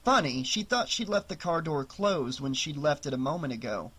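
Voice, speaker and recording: A man narrating a horror novel audiobook in a measured, dramatic storytelling manner. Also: a little high, animated, sharp tone, breathy edge. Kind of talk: scripted narration.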